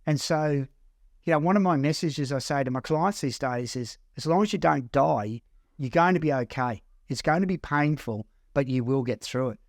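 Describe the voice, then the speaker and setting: An Australian man working as a counsellor, telling a personal story in an earnest, halting way that repeats words as he goes. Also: medium pitch, dry recording, clean studio sound. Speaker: counsellor and mentor. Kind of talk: personal story told to camera.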